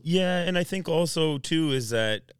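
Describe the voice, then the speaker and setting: A man's voice: a little high, expressive, a little slow, smooth, no echo. A man co-hosting a casual podcast, easygoing and agreeable, often saying yeah. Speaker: podcast co-host.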